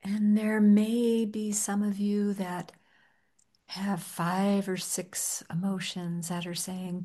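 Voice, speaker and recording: A woman leading a guided meditation in a gentle, soft-spoken manner, with long pauses. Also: mid-range voice, flat delivery. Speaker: meditation teacher.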